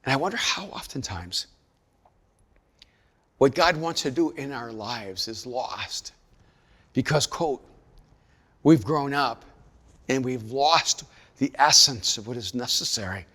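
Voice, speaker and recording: A man preaching a sermon, moving from quiet storytelling to raised, emphatic delivery. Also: medium pitch, animated, measured pace, pauses often, husky, big-room sound. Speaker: pastor.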